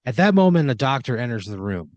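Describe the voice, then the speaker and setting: A man's voice: medium pitch, sing-song, fast talker, darkish tone, no room sound, muffled recording. A young man spins an improvised comedy story in a loose, rambling way, packed with "like" and swearing. His voice sits in an ordinary middle range. The recording is dry and close. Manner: rambling, filler-heavy and profane. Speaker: podcast host and storyteller.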